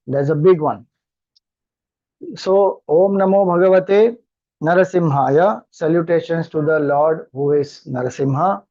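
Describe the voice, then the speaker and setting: A man with an Indian English accent teaches scripture in a slightly high, patient voice. He chants verses slowly and then unpacks them one phrase at a time. The recording sounds dull and lo-fi. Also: dark tone. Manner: slow, explanatory, chants mantras then explains. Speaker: spiritual teacher. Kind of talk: scripture discourse.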